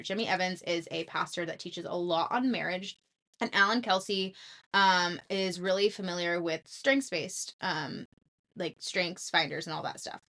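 Bright, chatty young woman podcaster. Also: medium pitch. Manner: chatty, animated, full of "like" and acted-out quotes. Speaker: podcast host. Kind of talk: casual advice talk.

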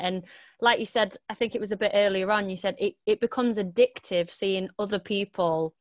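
Woman interviewer, dance teacher, mid voice, relaxed questions, dry room. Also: mid-range voice, moderate pace, no room sound. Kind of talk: casual interview.

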